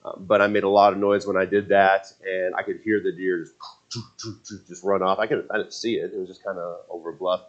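A man's voice: deep voice, level tone, fairly quick. A man in his forties telling a casual personal story, rambling with many restarts and fillers. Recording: dull lo-fi sound.

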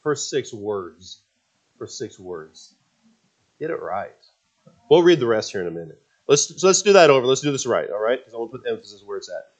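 The audio is dull, carrying a medium-pitched, slightly rough male voice that is very animated and a little fast. He is a pastor guiding his congregation through reading scripture, alternating fervent passages with self-deprecating remarks.

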